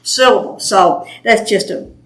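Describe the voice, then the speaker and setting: A woman's voice: medium pitch, lively intonation, fairly bright tone. Southern woman, east tennessee accent, bible study leader, chatty, roomy echo. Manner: chatty, quick to laugh, explains patiently. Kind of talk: group Bible study discussion. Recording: roomy home recording.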